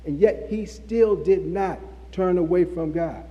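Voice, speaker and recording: A man's voice: high-pitched, a little slow, lo-fi sound. A man preaching a sermon, repeating phrases for emphasis. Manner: repetitive, emphatic preaching with restarts. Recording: long hall reverb.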